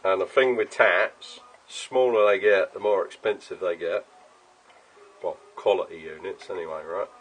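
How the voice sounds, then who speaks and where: A man's voice: low voice, steady tone, normal speed, a bit bright, rough recording. A man chatting casually while he works in his home garage workshop, explaining each step and swearing now and then. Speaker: workshop maker.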